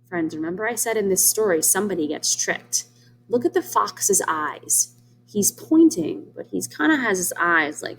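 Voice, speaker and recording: A woman's voice: medium pitch, big pitch swings, moderate pace, vocal fry, a little hiss or hum. A woman reading a storybook aloud to young children as a teacher, stopping to explain words and ask them questions. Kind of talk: children's read-aloud lesson.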